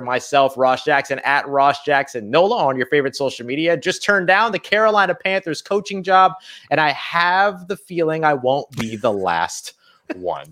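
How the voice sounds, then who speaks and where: A man co-hosting a daily sports talk podcast, delivering his points with energetic emphasis. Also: mid-range voice. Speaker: podcast co-host.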